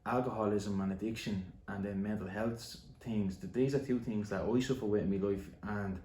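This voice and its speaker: A man in his late twenties with a Dublin accent talks loosely as host, swearing as he thinks aloud. His voice sits low and rings in a roomy space. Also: fairly even intonation, moderate pace, mellow, a little hiss or hum. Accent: Dublin Irish. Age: late 20s. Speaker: podcast host. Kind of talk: casual interview. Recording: roomy room echo.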